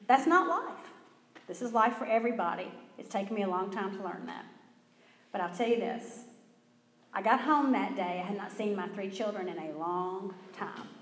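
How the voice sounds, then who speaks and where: A woman gives a personal testimony in a church, telling her story with lively acted-out quotes. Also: medium pitch. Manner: animated storyteller acting out quotes. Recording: roomy hall with long reverb.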